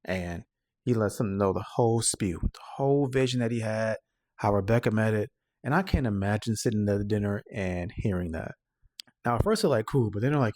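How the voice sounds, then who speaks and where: A man hosting a daily Bible reading show, retelling the stories in a relaxed, slangy paraphrase and often checking in with the listener. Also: lowish voice, a little fast, dry recording, studio quality. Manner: conversational, checks in with "right?". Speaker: host. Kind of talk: casual Bible reading recap.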